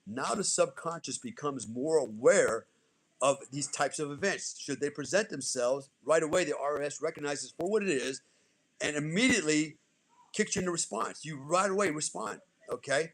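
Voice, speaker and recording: A man's voice: a little high, expressive, normal speed, a bit bright, rough recording. A man, a former soldier, telling a story as a podcast guest in a blunt, profane, casual way.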